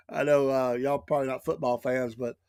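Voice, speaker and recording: A man's voice: medium pitch, darkish tone, dry recording, studio quality. A middle-aged man with a Southern US accent, hosting a live show and telling long rambling stories with many restarts. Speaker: show host. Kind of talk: casual storytelling talk.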